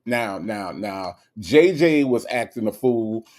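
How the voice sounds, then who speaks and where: A man's voice: fairly low pitch, lively intonation, slow, a little mellow. A man hosting a casual livestream, reading viewer comments aloud in a laid-back, playful way. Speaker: livestream host reading chat. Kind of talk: casual chat.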